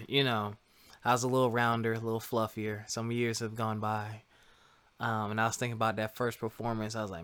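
A man casually telling a funny personal story to listeners, animated and laughing often. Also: fairly low pitch, moderate pace. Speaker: co-host telling a couple's story.

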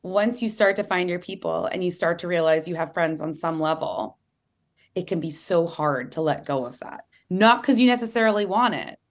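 A woman author being interviewed, talking earnestly and animatedly and acting out quotes in lively voices. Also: on the low side, moderate pace. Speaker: author and guest. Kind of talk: candid interview conversation.

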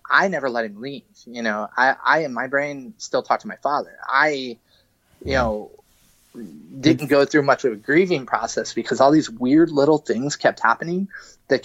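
Halting, emotional man telling his story. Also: medium pitch, fairly bright tone, no echo, dull audio. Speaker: guest, musician. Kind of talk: candid podcast interview. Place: podcast studio.

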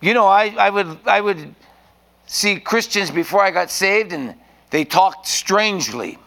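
A man's voice: sits high, animated, a little slow, gravelly, a bit bright. A man preaching an informal sermon in a rambling, folksy way, often restarting his sentences.

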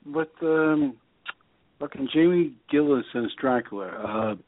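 A man speaks at a middling pitch in an offhand way, swearing casually as he chats. His voice is dry and thin, heard over a tinny phone-like line. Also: measured pace, no echo. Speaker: podcast co-host. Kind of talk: casual chat.

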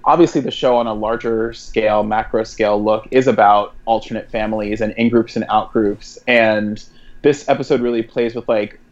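A man's voice: on the low side, fairly even intonation, moderate pace, lo-fi sound. A man co-hosting a podcast in casual chat, talking in loose runs full of "like" and laughing often. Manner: chatty, many "like" fillers, laughs often. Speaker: podcast co-host.

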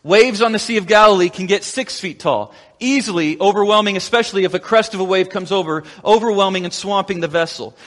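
A man preaching a sermon, telling the story in an animated way and acting out the quotes. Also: high voice. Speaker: pastor. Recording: long echoing reverb.

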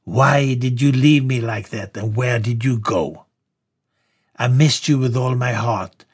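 A man voicing Simon, a man speaking through a woman's body, slow, pleading and reproachful, with a husky voice. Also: medium pitch.

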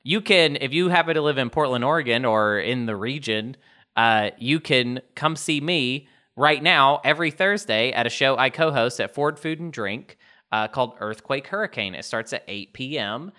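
A man's voice: mid-range voice, expressive, normal speed, bright, forceful tone. A young adult man, a stand-up comedian and podcast guest, chatting casually in a rambling, self-deprecating way with lots of fillers. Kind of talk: casual chat.

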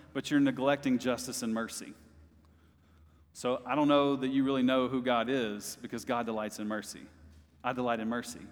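A man's mid-pitched voice rings through a church hall with a long echo trailing each phrase. He preaches with passion, addressing the congregation directly and surging to sudden high emphasis. It sounds like a pastor delivering a Sunday sermon. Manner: impassioned preaching, rising to bursts, with laughs; talks directly to the congregation as "y'all". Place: church service.

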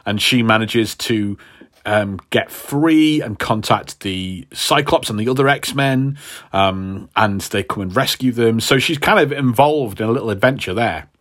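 A man's voice: fairly low pitch, fairly bright tone. A man, a podcast co-host, casually retelling a comic story and acting out the characters' lines. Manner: rambling retelling, acts out quotes. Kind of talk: casual chat.

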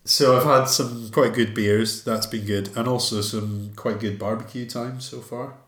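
A man's voice: medium pitch, steady tone, a little slow, fairly bright tone, echoey room. A man co-hosting a podcast in casual chat, dry and joking, with many ums. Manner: dry, joking, says um often. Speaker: podcast co-host.

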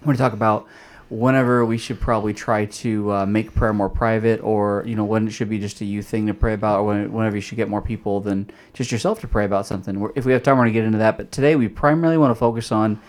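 A man's voice: lowish voice, steady tone, fast. A young adult man hosting a casual podcast on faith, explaining loosely with plenty of fillers. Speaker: host.

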